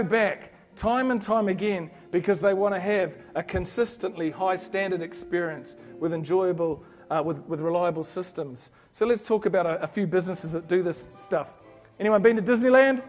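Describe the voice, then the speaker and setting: This is a high-pitched man speaking at a business conference. He delivers a motivational keynote in an animated storytelling way. He keeps slipping into little acted-out scenes to make his point. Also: moderate pace, faint music behind. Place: conference hall.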